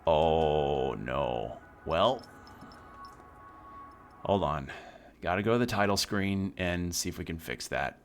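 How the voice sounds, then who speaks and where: A male streamer with a deep voice gives loose, animated commentary while he plays, swinging widely between low grumbles and sharp outbursts and swearing freely. Faint game music plays in the background. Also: takes it slowly, pauses often. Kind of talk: casual gameplay commentary.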